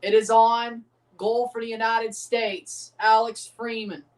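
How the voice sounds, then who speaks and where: A man's voice: very high voice, flat delivery, takes it slowly, distant mic. A man hosting a casual live watchalong, chatting with viewers and often repeating phrases. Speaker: livestream host reacting to a match.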